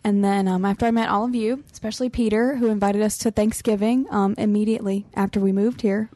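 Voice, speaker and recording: A chatty woman tells a story among friends in a studio, laughing often and acting out quoted lines. Her voice sits at a middle pitch and sounds close and dry, with no room around it. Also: fairly even intonation, quick pace, dark tone, no echo. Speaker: podcast team member. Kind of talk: casual storytelling chat.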